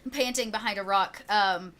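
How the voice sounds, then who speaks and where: A woman's voice: medium pitch, a bit bright. A woman narrating as game master of a tabletop game, chatty, with many fillers and frequent laughs.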